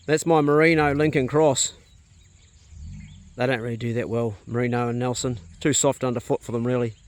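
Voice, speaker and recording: A man's voice: mid-range voice, fairly even intonation, moderate pace. A man with a New Zealand accent vlogging casually outdoors on his farm, chatting to the camera and talking to his dogs and animals. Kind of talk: casual farm vlog narration.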